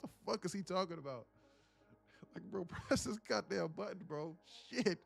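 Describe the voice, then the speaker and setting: A man's voice: sits high, expressive, normal speed, creaky, faint music behind, voice pushed up, exaggerated voice. A man voicing a broke, impatient young male viewer who swears and whines, demanding that the trades start. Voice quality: profane, whiny and mocking.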